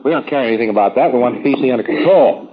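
A man's voice: mid-range voice, animated, racing, muffled recording, a crowd in the background. A man giving a rambling, folksy, informal lecture to trainees, with wry asides.

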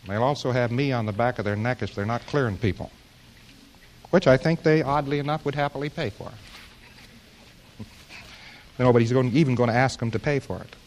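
A man's voice: medium pitch, fairly quick, pauses often, a little mellow, slight background noise. An American man giving an informal lecture to an audience, with a wry, joking, rambling delivery.

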